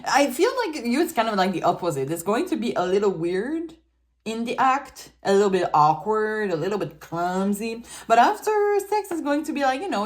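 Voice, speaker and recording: Chatty woman, lowish voice. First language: French. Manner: chatty and giggly, loose filler-heavy talk. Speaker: tarot reader. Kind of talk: casual tarot reading.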